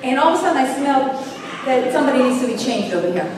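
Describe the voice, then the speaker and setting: A middle-aged woman giving an emotional talk to a women's audience, telling stories and swinging from hushed to loud. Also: high-pitched, expressive, fast, noisy background. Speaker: speaker at a women's event. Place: large hall. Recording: echoey hall from far off.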